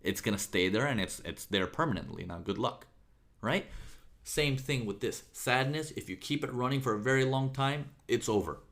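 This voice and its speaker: A man giving a motivational talk, energetic, with sudden jumps in volume and frequent "okay?" checks. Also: mid-range voice, normal speed. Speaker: motivational speaker.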